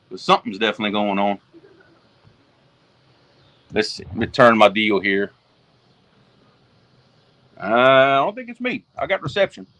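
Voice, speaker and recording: A man with a Louisiana Southern accent hosts a casual livestream, walking viewers through each step in a folksy, easygoing way. His voice has a bright, forceful edge at a middle pitch. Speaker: fishing show host.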